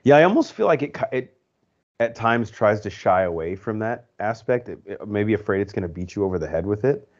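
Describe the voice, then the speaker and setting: A man's voice: lowish voice, animated, a little fast. A man co-hosting a podcast, giving rambling, opinionated movie reviews in casual chat full of fillers. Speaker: podcast co-host. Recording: dull lo-fi podcast audio.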